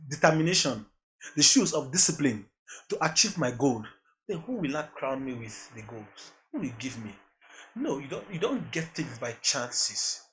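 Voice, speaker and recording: A man's voice: a little high, fairly bright tone. Earnest Nigerian man slipping into Pidgin. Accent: Nigerian, mixing in Pidgin. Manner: earnest, reflective, repeats phrases, laughs often. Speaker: podcast guest, music producer. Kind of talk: casual interview chat.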